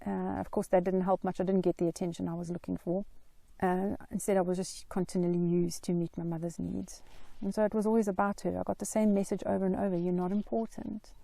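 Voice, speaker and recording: A middle-aged woman earnestly telling her own life story in a slow, reflective way. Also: fairly low pitch, little pitch movement, gravelly, warm tone, no room sound. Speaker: Christian mental health vlogger. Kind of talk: personal story told to camera.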